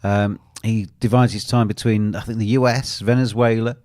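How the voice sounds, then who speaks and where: A man's voice: on the low side, steady tone, normal speed, a little mellow, no room sound, clean studio sound. A man co-hosting a live football show, chatting casually and reading out viewer messages. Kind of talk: live in-play football chat.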